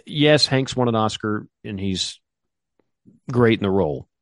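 A man's voice: fairly low pitch, lively intonation, unhurried, a bit bright, dry recording, clean studio sound. A man co-hosting a casual sports podcast, rambling enthusiastically with many restarts. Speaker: co-host.

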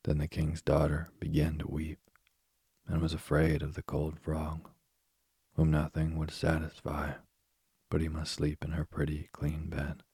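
A man narrating a bedtime story softly and soothingly, close to the mic. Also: rumbling low, completely flat delivery, gravelly, breathy edge, no room sound. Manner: slow, soft-spoken, soothing.

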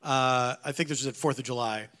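A man's voice: mid-range voice, a little fast, sharp tone. A middle-aged man, a guest on an interview show, telling playful stories and laughing often. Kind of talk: casual interview chat.

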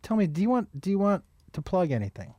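A man from the United States hosting a casual podcast chat, animated and profane, laughing easily. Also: high voice, fast talker, no room sound. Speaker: podcast host.

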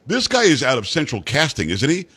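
A man's voice: medium pitch, huge pitch swings, fairly quick, sharp tone, breathy edge. A man hosting a talk radio interview, brash and blunt, cutting in on his guest. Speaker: radio talk show host.

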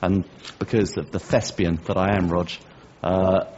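A middle-aged English man co-hosting a podcast, telling a story in a lively, self-mocking way. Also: sits low, unhurried, a little hiss or hum. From England. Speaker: podcast co-host. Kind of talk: casual chat. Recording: dull lo-fi podcast audio.

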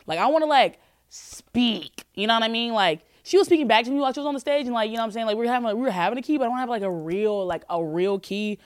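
A woman in her twenties hosting a podcast, chatting casually and answering calls with animated, profane, joking rants. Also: on the high side, fast, clean tone, no room sound, clean studio sound. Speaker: podcast host.

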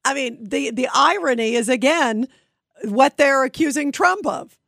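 A woman hosts a political call-in radio show, her high, gravelly voice fairly bright and measured in pace. The studio-quality recording has no room sound. She is emphatic and opinionated, often stumbling over her first word with stutter-starts.

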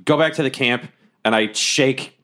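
A man playing a tabletop role-playing game, excitable and swearing, shouting his character's lines. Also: medium pitch, measured pace. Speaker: player. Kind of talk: casual tabletop play.

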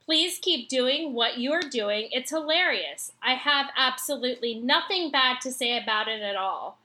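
A woman on a comedy podcast, reading listener letters aloud in a measured, amused way. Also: sits high, lively intonation, bright, forceful tone.

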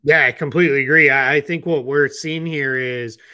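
A man co-hosting a sports podcast, talking loosely with lots of "you know" and "um" and restarting his sentences. He has the hiccups. His voice is bright and forceful, and it sits close and dry with no room sound. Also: medium pitch, steady tone, moderate pace, clean tone, no echo. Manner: rambling, many fillers and restarts. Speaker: podcast co-host. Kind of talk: casual sports chat.

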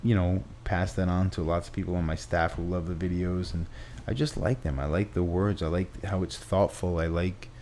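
Low, dark-voiced man telling a story. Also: moderate pace, few pauses, a little hiss or hum. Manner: animated anecdote-telling with acted quotes and restarts. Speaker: guest, trainer and gym owner. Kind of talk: conversational storytelling.

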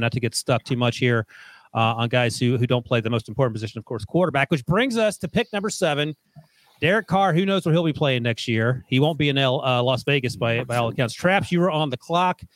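Casting: male sports podcast host, mid-pitched, brisk, dry close-mic sound. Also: no room sound. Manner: brisk, moves the segment along. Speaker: podcast host running a mock draft. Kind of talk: casual sports talk.

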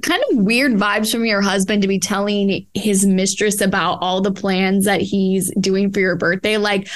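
A woman's voice: mid-range voice, unhurried, few pauses. A woman hosting a podcast, asking casual, curious questions. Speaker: podcast host. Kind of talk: podcast interview.

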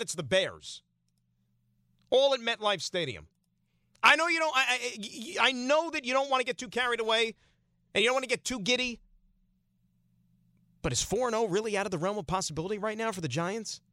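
A man's voice: extremely high pitch, sharp tone, no echo, clean studio sound. A man hosting a sports talk radio show, giving an opinionated monologue full of rhetorical questions.

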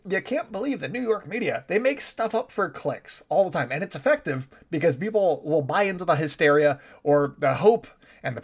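A man giving solo baseball commentary in a chatty, opinionated way, with sarcastic asides. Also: on the high side.

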